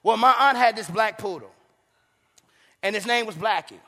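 A pastor preaches, slipping into playful asides and impressions. His voice sits very high with a bright, sharp edge and some gravel. The sound rings out with a long hall echo. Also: moderate pace. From Saint Paul, Minnesota. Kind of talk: sermon.

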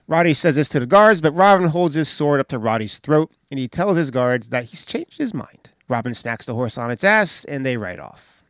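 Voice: medium pitch, moderate pace, no room sound, studio quality. A podcast host casually recapping a comedy film scene by scene. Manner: animated, recounts scenes and does voices.

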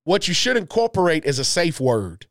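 Lively man joking on a podcast. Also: a little high, moderate pace. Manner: animated, joking, teasing. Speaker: podcast host. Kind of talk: casual podcast chat.

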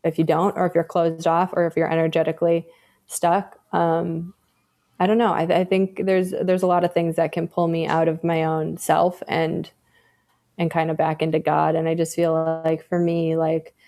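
A woman's voice: sits low, flat delivery, normal speed, warm tone. Candid woman telling stories. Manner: candid, storytelling, swears freely. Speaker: podcast guest. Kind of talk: casual chat.

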